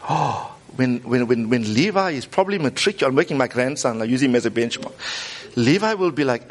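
A man, preaching a lively sermon and coaxing the congregation to repeat lines after him. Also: mid-range voice, moderate pace, a little hiss or hum. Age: 50s. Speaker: pastor.

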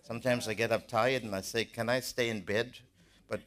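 A man's voice: mid-range voice, fairly even intonation, normal speed, fairly bright tone. A man preaching a sermon to his congregation, earnest and emphatic, often repeating words as he builds a point.

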